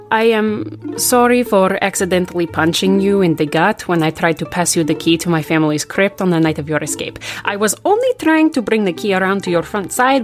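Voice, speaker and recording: A woman's voice: medium pitch, close to an everyday voice. A woman voicing a secretive young woman who is unsure of her vampire family, speaking earnestly with formal wording in a tabletop role-play.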